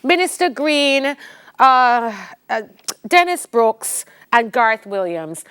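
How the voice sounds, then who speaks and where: A woman's voice: fairly high pitch, big pitch swings, slow pace, fairly bright tone, clean tone. A Jamaican woman hosting a morning TV interview, effusive and openly emotional. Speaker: TV morning show host.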